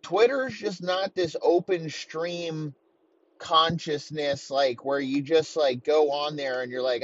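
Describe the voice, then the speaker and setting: A man's voice: fairly high pitch, takes it slowly, highs cut off. A man hosting a sports podcast, ranting in a rambling way and swearing heavily. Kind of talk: profane sports rant.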